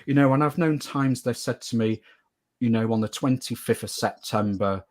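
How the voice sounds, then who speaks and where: A man's voice: medium pitch, moderate pace, a little mellow. A man being interviewed as a guest medium, telling a story earnestly and at length, often repeating phrases for emphasis.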